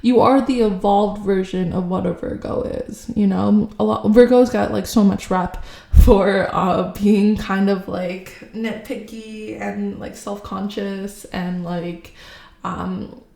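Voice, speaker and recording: A woman giving a casual intuitive tarot reading to camera, musing slowly with many fillers and hesitations. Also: medium pitch, vocal fry, mellow. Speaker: tarot reader. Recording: echoey room.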